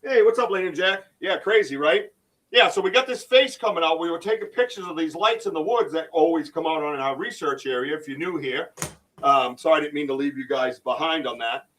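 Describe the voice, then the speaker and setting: Rambling higher-voiced man, off-mic. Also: fairly quick, far from the mic, rough recording. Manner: rambling, excitable, many restarts. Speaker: podcast host and Bigfoot researcher. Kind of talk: casual livestream chat.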